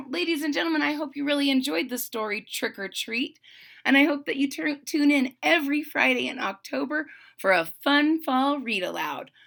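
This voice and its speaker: A woman reading a children's picture book aloud as a channel host, pausing to explain the pictures. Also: high-pitched, vocal fry. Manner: slow, gently explaining the pictures. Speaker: storybook read-aloud host.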